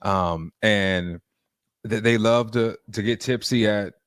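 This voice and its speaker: Low-voiced man musing on faith. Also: slow pace, fairly bright tone, clean tone, no room sound, clean studio sound. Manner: rambling, many restarts and "man". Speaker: podcast co-host. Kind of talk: casual faith discussion.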